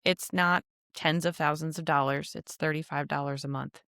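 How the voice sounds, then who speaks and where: Stuffed up and nasal from allergies, a podcaster talks on her own show in a wandering, self-deprecating monologue. Her low-pitched voice is steady, a bit bright, and clean, at normal speed. There is no echo, and the sound is studio quality.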